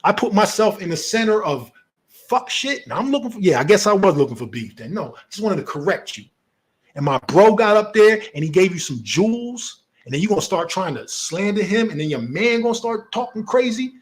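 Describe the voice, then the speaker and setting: A man rants in a confrontational, profane voice, his high pitch swinging widely. He argues point by point, calling out his opponent with heated commentary. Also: big pitch swings, a little fast. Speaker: online commentator.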